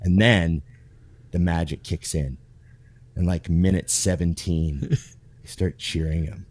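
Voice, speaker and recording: A podcast host with a deep voice and measured pace tells stories casually. He is animated and swears freely.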